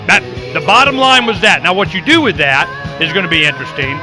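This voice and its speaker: A middle-aged man hosts a political talk show in a high, fast voice with big pitch swings, with music in the background. He speaks emphatically, acts out the people he quotes, and repeats words when he gets worked up.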